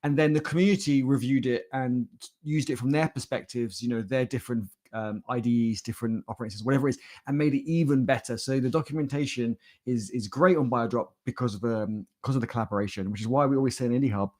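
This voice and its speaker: A man with a British accent chats loosely on a live stream. He jokes at his own expense and rambles from point to point. His voice sits at an ordinary middle pitch. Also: fast talker, hardly any pauses, a little mellow. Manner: joking, self-mocking, rambling. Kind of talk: casual live-stream chat.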